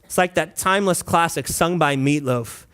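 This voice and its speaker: A man's voice: a little high, normal speed, fairly bright tone, clean tone. A man preaching a sermon as a pastor, conversational with asides and prompts to the congregation, sometimes singing or doing playful mock voices.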